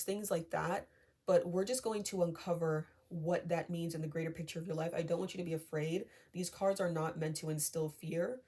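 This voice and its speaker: A woman with a lowish, mellow voice gives a casual tarot reading to her viewers. She talks in a chatty way, full of fillers, and keeps reassuring them and checking in with a quick "okay?". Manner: chatty, many fillers, often asks okay?; reassuring and calming. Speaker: tarot reader.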